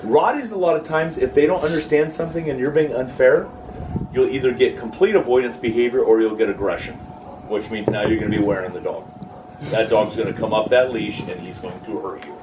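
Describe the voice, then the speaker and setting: This dog-training instructor, a man with a medium-pitched voice, talks briskly through an informal, humorous lecture. He acts out quoted voices for the audience in the workshop room. His voice sounds far off amid clear background noise.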